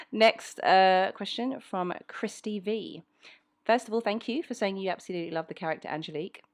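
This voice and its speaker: A woman's voice: mid-range voice, moderate pace. A woman in her thirties with a South London accent, chatting frankly from home as she answers listener questions, her speech full of ums. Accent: South London English. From England. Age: 30s. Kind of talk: casual chat.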